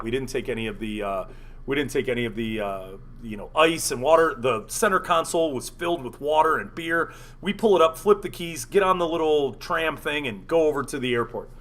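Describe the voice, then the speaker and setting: Man, casual storytelling chat, animated, swearing, fairly high voice, big swings in pitch. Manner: animated, profane, acts out quotes. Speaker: podcast host.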